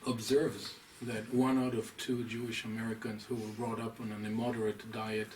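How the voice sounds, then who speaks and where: Man, rabbi, scholarly lecture, deliberate and emphatic, distant mic, faint room noise. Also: on the low side, flat delivery, a little mellow. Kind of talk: lecture to a small audience.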